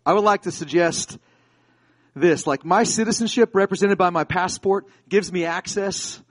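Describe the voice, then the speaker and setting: High-voiced male pastor, sermon. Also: moderate pace. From United States. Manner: conversational storytelling that builds to fervent, emphatic preaching.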